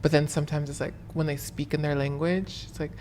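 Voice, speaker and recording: A woman hosting a podcast in casual chat, animated, swearing freely and slipping into bits. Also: low voice, fairly quick, slight background noise. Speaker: podcast host.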